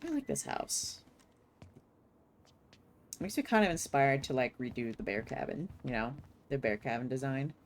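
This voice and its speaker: A woman livestreaming a narrative game, with a low voice that swings widely in pitch. Her commentary is casual and expressive, full of swearing and quick laughs. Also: slight background noise. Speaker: streamer. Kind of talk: casual live gameplay commentary.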